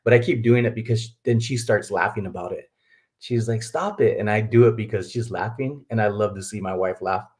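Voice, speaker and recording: A man's voice: fairly low pitch, brisk, a little mellow. Chatty rambling man on a live stream. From Texas. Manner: rambling, chatty, laughs often, talks to viewers as folks. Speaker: livestream host, reseller. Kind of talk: casual live-stream chat.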